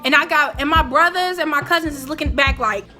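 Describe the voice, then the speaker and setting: A young woman telling a personal story in a casual, animated, chatty way. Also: sits high, fairly quick, over music. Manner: animated, chatty, jumping into quoted voices. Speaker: vlogger.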